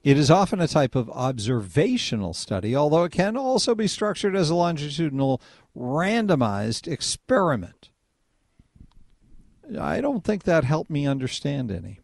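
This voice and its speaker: Male talk radio host, gravelly, animated pitch, dry close sound, conversational. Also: moderate pace, no room sound. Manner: conversational, chatty, muses aloud.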